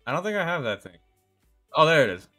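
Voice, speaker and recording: A man's voice: fairly high pitch, sing-song, quick pace, bright, forceful tone, faint music behind. Profane rambling young male streamer. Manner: profane, rambling, laughs often, fillers like "like". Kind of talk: casual live game stream chat.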